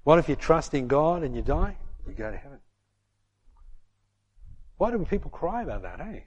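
A man's voice: a little high, big pitch swings, normal speed. A middle-aged man preaching a sermon, emphatic and punctuating his points with "hey". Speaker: pastor.

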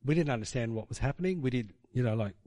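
A man's voice: medium pitch, animated, fast, warm tone, no echo. A man preaching a sermon in a casual storytelling way, with fillers and tag questions.

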